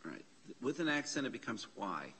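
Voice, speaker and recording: A man's voice: mid-range voice, big pitch swings, moderate pace, sharp tone, slight background noise. A man teaching a classroom lesson on Bible Greek in a church classroom, patiently spelling out letters and parsing words aloud.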